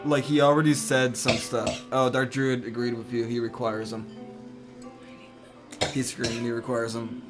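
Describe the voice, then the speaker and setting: A young man streams a game from home, chatting in a relaxed, rambling way. His voice sits in an ordinary middle pitch. Music plays clearly behind him. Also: a little slow. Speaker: live streamer. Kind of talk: casual chat while gaming.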